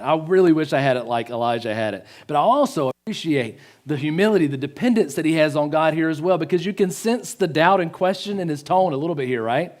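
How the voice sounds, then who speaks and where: A man giving a sermon in a church, swinging from loud pleading to hushed, slow emphasis. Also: on the high side. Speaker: pastor.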